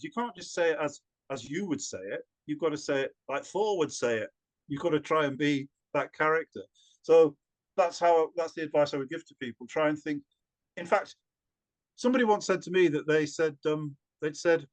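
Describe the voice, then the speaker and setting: A male storyteller talks through his craft with animated energy, often tripping over repeated words before pushing on. His voice sits a little higher than most men's. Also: normal speed. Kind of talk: interview answer.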